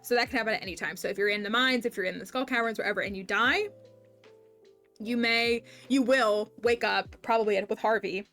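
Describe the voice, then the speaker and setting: A woman's voice: a little high, fairly quick, a bit bright, soft background music. A woman streaming a video game, chatting casually with viewers, interrupting herself and explaining the game's mechanics. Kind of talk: casual gameplay livestream chat.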